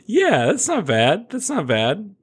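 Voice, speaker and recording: A man's voice: high-pitched, wildly swooping pitch, slow pace, husky. A man co-hosting a podcast in casual chat, teasing with dry banter. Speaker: podcast co-host.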